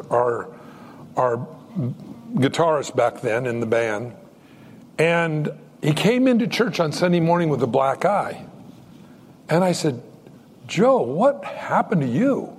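A man's voice: a little high, big-room sound, a little hiss or hum. A man preaching a sermon as a pastor, telling a story and acting out the dialogue. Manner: storytelling, acts out quoted dialogue.

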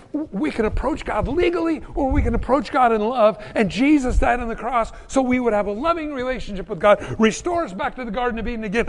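Man, middle-aged pastor, high lively voice, preaching in a church hall with long echo. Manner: animated storytelling with repeated restarts. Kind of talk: sermon.

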